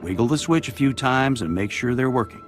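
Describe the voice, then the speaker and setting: A man's voice: medium pitch, lively intonation, brisk, soft background music. A man voicing a folksy, grateful settler in a game cutscene. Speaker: settler on a desert world.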